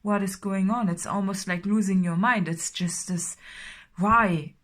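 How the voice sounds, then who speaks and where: A woman's voice: medium pitch, steady tone, normal speed. A woman doing a casual tarot reading, talking in a rambling way with many fillers and sometimes dropping to a whisper. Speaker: tarot reader.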